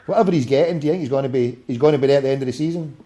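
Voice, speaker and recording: A man's voice: medium pitch, racing, mellow, muffled recording, a little hiss or hum. A man with a Scottish accent hosting a casual football phone-in, ranting and swearing freely and teasing his callers. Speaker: radio phone-in host.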